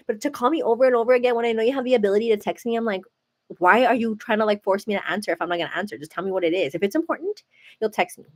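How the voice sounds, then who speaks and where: Talking very fast with a fairly high, expressive voice, a young American livestream host chats casually with her viewers. "Like" and "girl" come up constantly.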